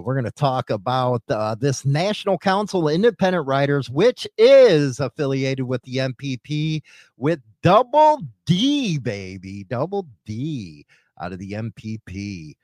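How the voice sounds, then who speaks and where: A man's voice: mid-range voice, darkish tone, no echo, clean studio sound. A man with a New York accent hosting a radio talk show, rambling and joking with lots of fillers. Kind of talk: casual radio banter.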